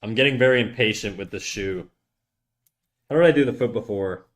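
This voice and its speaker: A man's voice: lowish voice, a little fast, fairly bright tone. A young man from Canada with a Canadian accent, chatting casually and joking while he draws on stream, rambling and swearing freely. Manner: rambling, profane, joking storyteller. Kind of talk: casual chat while drawing.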